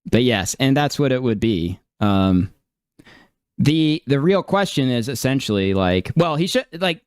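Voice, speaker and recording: Smooth-voiced man reacting in disbelief. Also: medium pitch, animated, unhurried, no echo, clean studio sound. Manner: incredulous, laughing, many fillers and restarts. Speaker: commentary streamer. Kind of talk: casual reaction commentary.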